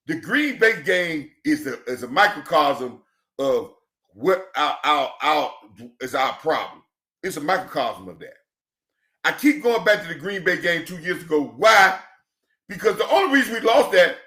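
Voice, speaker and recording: Fired-up man ranting about football. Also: high voice. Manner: preachy, emphatic, calls audience "church"; shifts between shouting and quiet emotion. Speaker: football commentator. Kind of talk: passionate sports rant. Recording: echoey room.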